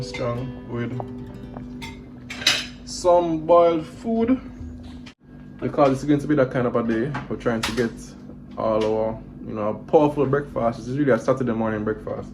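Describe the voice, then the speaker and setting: Man, Jamaican accent, middle-aged, heartfelt, preachy, stumbling repeats, guitar music clear behind. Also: medium pitch, low-quality recording. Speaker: vlog host, father. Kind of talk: casual vlog with a devotional message.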